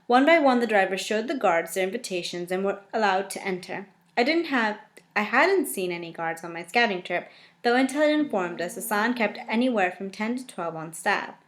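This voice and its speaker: A woman reading a first-person novel aloud, often breaking off to react with lively, joking asides. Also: medium pitch, moderate pace.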